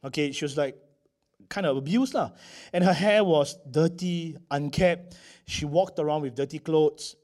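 A man telling a sermon story in an animated way, often checking in with the listeners. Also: on the high side, moderate pace. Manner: animated, checks in with frequent "okay?". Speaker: preacher.

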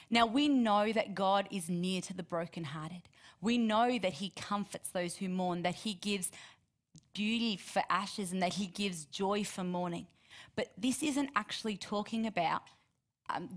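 An earnest woman preaching a sermon at a middle pitch. She reads scripture aloud, then explains it in an animated, encouraging way.

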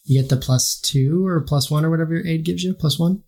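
A man playing in a tabletop game, chatty and quick to laugh. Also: a little high, darkish tone. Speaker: player. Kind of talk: casual tabletop game chat.

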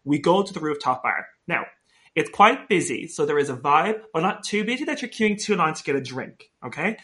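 Fast, bright-voiced man telling a story. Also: fairly high pitch. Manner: animated storytelling, camp and playful. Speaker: podcast co-host. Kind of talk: casual chat.

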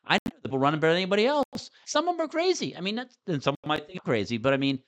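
A middle-aged man from Maryland, a former state senator, talking animatedly in a casual political conversation, with many restarts. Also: fairly high pitch. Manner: animated, talks fast, with frequent restarts.

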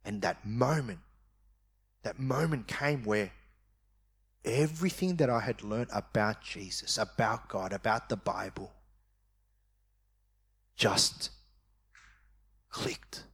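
Lively male preacher telling a story. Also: mid-range voice, husky. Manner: animated storytelling, acts out his younger self; drops to a quiet, slow voice at tender moments. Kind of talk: sermon testimony.

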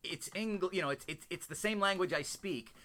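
Bright, halting man from Philadelphia. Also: sits high. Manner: halting, many repeated words and fillers. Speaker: host. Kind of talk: casual conversation.

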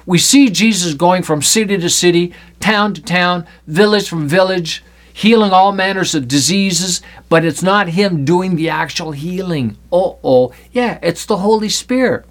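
High-voiced man teaching the Bible playfully. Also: measured pace. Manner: playful, acts out scripture with put-on voices.

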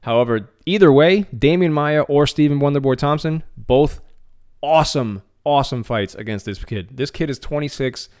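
A man hosting a podcast, chatting casually and excitedly about MMA news, often repeating words and restarting his phrases. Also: fairly high pitch, moderate pace. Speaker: podcast host.

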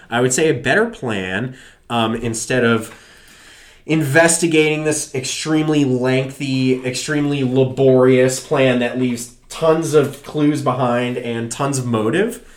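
A married man co-hosting a podcast, ranting about a film in exasperated, profane casual chat. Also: mid-range voice. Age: adult, married. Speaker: podcast co-host.

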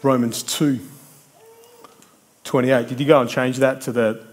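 A man's voice: mid-range voice, steady tone, unhurried. A man preaching a sermon, conversational and emphatic, building points through repetition and bantering with people in the congregation.

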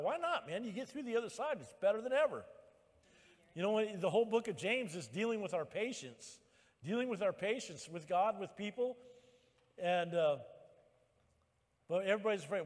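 A male pastor preaching a sermon at church, emphatic and rising to loud exhortation. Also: high voice, very animated, brisk, big-room sound.

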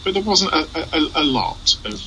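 A man co-hosting a podcast in casual chat, halting with many ums and restarts, with a dry sense of humour. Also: on the high side, big pitch swings, bright, forceful tone, a little hiss or hum, low-quality recording. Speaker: podcast co-host.

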